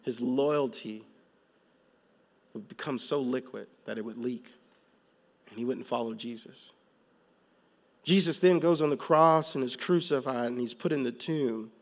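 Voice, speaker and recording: A man preaching a sermon, moving from calm teaching to loud, emphatic passages, with casual slang in his storytelling. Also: mid-range voice, a little slow, pauses often. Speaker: pastor.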